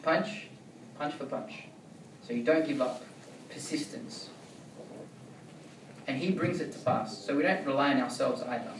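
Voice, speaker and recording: A man's voice: mid-range voice, normal speed, pauses often, a little hiss or hum. A man giving a sermon in a conversational way, often checking in with "right?". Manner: conversational, keeps asking "right?". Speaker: preacher. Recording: echoey room, distant mic.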